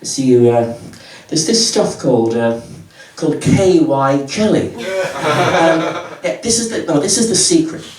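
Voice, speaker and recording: An animated, slightly high male voice moves at a measured pace with few pauses, a crowd audible in the background. He's a stand-up comedian in his 70s, rambling and stammering through self-mocking jokes on a comedy club stage. The live audio is roomy and distant, with the audience laughing.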